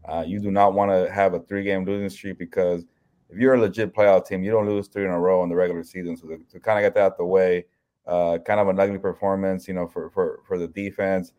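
Low-voiced man giving sports analysis. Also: little pitch movement, warm tone, lo-fi sound. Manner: measured, plain-spoken, hesitant fillers. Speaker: podcast co-host. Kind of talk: casual sports podcast analysis.

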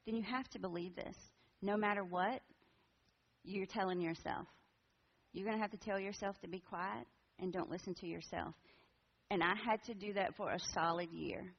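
Earnest woman in her forties with gravelly voice. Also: mid-range voice. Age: 40s. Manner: candid, conversational, earnest. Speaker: women's ministry speaker. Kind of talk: personal testimony talk to a church group. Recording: dull lo-fi recording.

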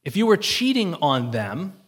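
A man's voice: a little high, big pitch swings, normal speed, breathy edge. A male pastor giving an earnest, conversational sermon and often checking in with the congregation.

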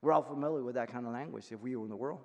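A man in his sixties teaching a verse-by-verse Bible study as pastor, emphatic, swinging from quiet explanation to loud rebuke. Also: mid-range voice, very fast, highs cut off. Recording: long reverb of a hall.

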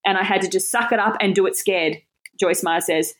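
A woman teaching the Bible in a casual sermon, animated and self-deprecating, laughing often. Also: medium pitch, brisk.

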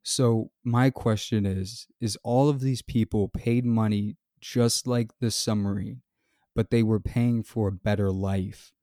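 A man hosting a solo podcast, reading news details and then giving his earnest, measured opinion. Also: on the low side, steady tone, dark tone, no echo, studio quality. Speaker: podcast host. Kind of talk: scripted solo commentary.

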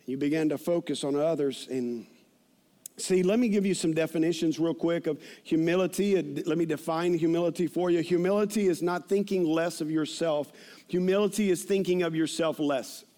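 A man in his fifties, a pastor preaching a sermon, telling stories with animated energy and shouting at the punchlines. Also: a little high, moderate pace. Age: 50s.

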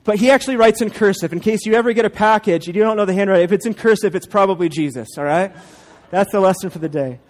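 A man's voice: sits high, quick pace, few pauses. A man in his thirties, a pastor, preaching a sermon and telling a family story with playful asides.

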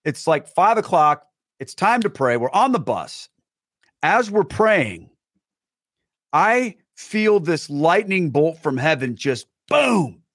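A man telling a personal story as a podcast guest, animated, acting out the dialogue. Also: a little high, slow, no echo, studio quality. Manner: many fillers and restarts.

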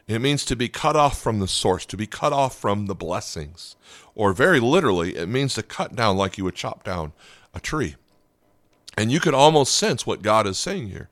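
A man's voice: fairly low pitch, a bit bright, no room sound. A man preaching a sermon, telling a folksy joke-story in an easy, chatty way and checking in with the listeners. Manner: folksy storytelling with jokes and repeated okay and right. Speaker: pastor.

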